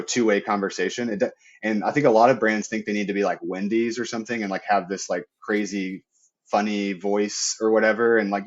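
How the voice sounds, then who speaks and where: A man's voice: lowish voice, slightly rough, highs cut off. A man speaking as a podcast guest in a loose, chatty way, leaning on "like" and tagging "right?" onto his points. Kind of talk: casual interview talk.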